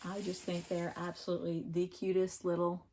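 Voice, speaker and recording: A woman's voice: lowish voice, monotone, brisk, mellow. A woman in a casual home crafting vlog, chatting in a rambling, fond way about her finished projects. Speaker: crafting vlogger. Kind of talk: casual chat.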